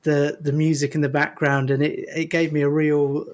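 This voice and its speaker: A man's voice: on the high side, level tone, normal speed. A man, a podcast guest who chats in a hesitant, self-deprecating way. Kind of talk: casual chat.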